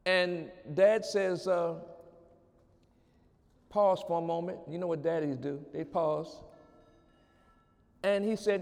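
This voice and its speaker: A man's voice: sits high, steady tone, takes it slowly, creaky, pauses often, a little mellow, long reverb tail. A man preaching a sermon as pastor, telling a story and building to emphatic call-outs to the congregation. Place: church sanctuary.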